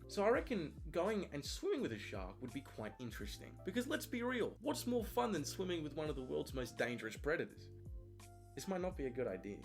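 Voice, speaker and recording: A young man in his twenties presenting a comic vlog, full of self-deprecating jokes and crude asides. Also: on the high side. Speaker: vlogger.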